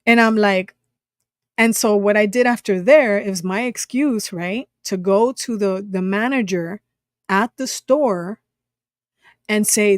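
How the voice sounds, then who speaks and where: A woman's voice: mid-range voice, takes it slowly, no room sound, studio quality. A woman casually retelling a personal encounter, acting out the lines of the people in it, with lots of fillers, restarts and swearing. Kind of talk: casual storytelling.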